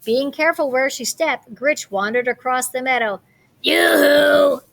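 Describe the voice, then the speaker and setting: A woman reading a picture book aloud, animated, with playful comments on the pictures. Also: high-pitched, normal speed. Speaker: storybook reader.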